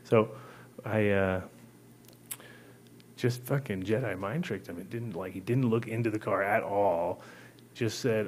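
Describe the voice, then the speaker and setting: A man's voice: on the low side, normal speed, pauses often, darkish tone, a little hiss or hum. A man hosting a show, telling a long casual story full of swearing and acted-out quotes. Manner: rambling, profane, acts out voices in quotes. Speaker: host.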